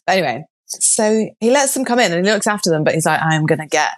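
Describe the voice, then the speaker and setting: A woman's voice: medium pitch, lively intonation, fast talker. A middle-aged woman from Wales retelling a legend in casual chat, playful and giggly, acting out the characters' lines. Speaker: guest storyteller.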